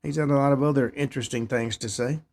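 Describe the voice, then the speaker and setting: A man's voice: medium pitch, fairly even intonation, quick pace, darkish tone. A man hosting a talk show, reading news headlines and adding short opinionated asides. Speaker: host. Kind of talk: news commentary.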